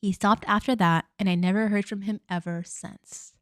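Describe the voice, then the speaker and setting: A woman's voice: mid-range voice, fairly even intonation, moderate pace, no room sound, studio quality. A woman telling a first-person story in a casual, candid storytime manner. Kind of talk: storytime narration.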